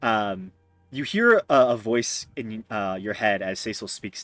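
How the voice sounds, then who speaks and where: A man narrating as game master, pausing often with fillers. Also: on the low side, sing-song, fairly bright tone, no echo, soft background music. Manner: hesitant, many fillers.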